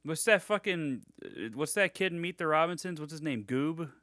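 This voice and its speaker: Podcast co-host, young man, rambling and profane, bright forceful voice, dry close sound. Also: fairly high pitch, moderate pace, no room sound. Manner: rambling, swears a lot, many restarts. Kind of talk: casual chat.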